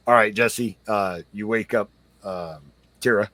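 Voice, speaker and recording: A man's voice: on the low side, unhurried, pushed and bright, no room sound. A man as dungeon master, explaining rules and scenes in an easygoing, hesitant way. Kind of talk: narrating a tabletop game.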